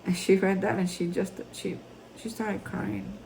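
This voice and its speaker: A man giving a heartfelt daily reflection to viewers, rambling with restarts and ending in earnest, hushed encouragement. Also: high-pitched, level tone, measured pace, vocal fry, slight background noise, low-quality recording. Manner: rambling, repeats and restarts, addresses viewers as folks. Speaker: recovery vlogger.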